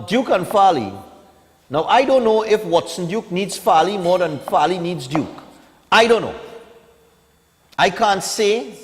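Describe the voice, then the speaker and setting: A man with a Trinidadian accent hosting a live morning TV show and giving conversational political commentary that drops to a hush for asides. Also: on the high side, big-room sound. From Trinidad and Tobago.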